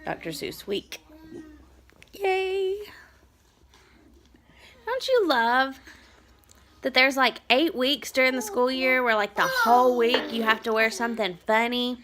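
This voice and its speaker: A mother in her thirties telling a story in a rambling, animated vlog and turning aside to her children. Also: on the high side, moderate pace, hardly any pauses, a little hiss or hum. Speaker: mother vlogger.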